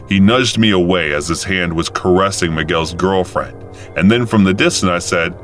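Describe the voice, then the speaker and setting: Deep-voiced male story narrator. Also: fairly quick, fairly bright tone, faint music behind. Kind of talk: first-person storytelling.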